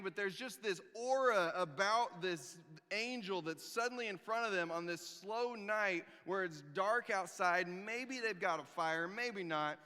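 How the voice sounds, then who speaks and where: A man with a high, bright, ringing voice preaches in a church hall, where his words trail off in a long reverb. He tells the story with lively humor and wry, sarcastic asides. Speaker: pastor. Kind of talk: sermon.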